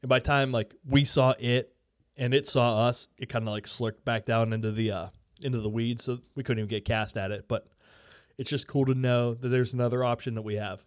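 A podcast host spinning a casual story, animated and swearing freely with lots of fillers. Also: male voice, mid-range voice, brisk, lo-fi sound.

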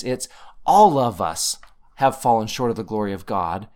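A man's voice: fairly low pitch, expressive, moderate pace, darkish tone. Emphatic man teaching scripture. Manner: emphatic, teacherly, stresses key words. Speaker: podcast host teaching scripture. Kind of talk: conversational scripture discussion.

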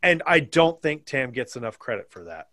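A man's voice: medium pitch, very animated, moderate pace, sharp tone, dry recording, studio quality. A man co-hosting a podcast, casually chatting and retelling book scenes with playful mock voices. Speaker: podcast co-host. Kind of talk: casual chat.

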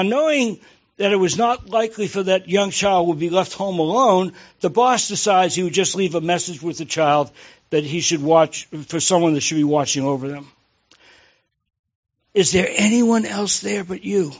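High-voiced jokey preacher, dull recording. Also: male voice, animated, moderate pace. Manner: jokey, conversational, asks the congregation questions. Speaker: pastor. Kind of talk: sermon.

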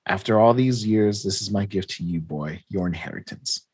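A cold, imposing male crime boss, as a man puts him on in a comic recap, speaking low and measured. The voice is deep, slightly husky and very dry, with nothing of the room around it. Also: a little mellow, dry recording. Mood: grave.

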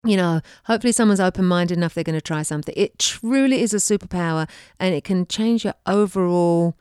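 A woman's voice: fairly low pitch, fast talker, a little mellow, clean tone, no room sound, studio quality. A woman co-hosting a podcast, chatting in an earnest, encouraging way. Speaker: podcast co-host. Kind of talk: casual chat. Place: studio.

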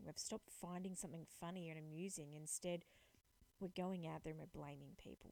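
A woman's voice: fairly low pitch, gravelly, dark tone, poor audio. An Australian woman in her late twenties gives an earnest, reflective personal talk that builds to emphatic calls to action. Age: late 20s.

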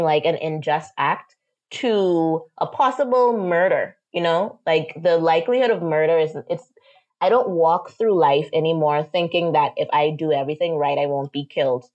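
A young woman from the Bahamas telling a personal story as an interview guest, animated and acting out quotes. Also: low voice, highs cut off. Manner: animated, acts out quotes, frequent "like".

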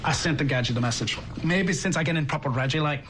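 An actor playing an angry male cab driver with a thick Geordie accent who talks in dense, rapid slang that is hard to follow. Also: fairly high pitch, background noise, close to an everyday voice. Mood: indignant. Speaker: suspect questioned by police. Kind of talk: TV comedy acting.

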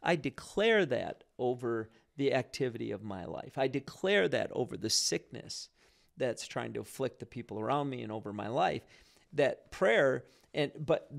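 A man's voice: medium pitch, vocal fry. A man talking casually about prayer and faith, telling stories with many restarts. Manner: animated storyteller with frequent restarts.

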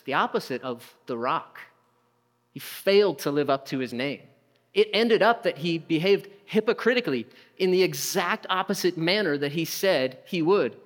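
Animated preacher in a reverberant hall. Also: male voice, on the high side. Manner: animated storytelling, acts out voices, conversational asides. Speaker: pastor. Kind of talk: sermon. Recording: long reverb of a large hall.

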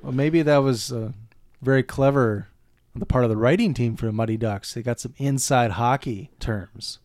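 A man from Minnesota co-hosts a casual movie podcast. He talks at a mid pitch, easygoing and explanatory. His voice is recorded dry and close on a studio mic. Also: normal speed, darkish tone, dry recording. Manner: easygoing, explains local details. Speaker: podcast co-host.

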